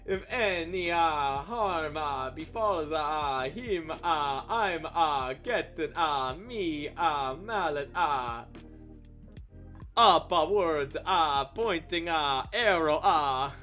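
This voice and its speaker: A man's voice: fairly high pitch, lively intonation, slow, few pauses, sharp tone, faint music behind, exaggerated voice. A man hamming up a stereotypical Italian guy. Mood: hammy. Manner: drawls an "uh" between nearly every word. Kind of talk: comic put-on accent on a livestream.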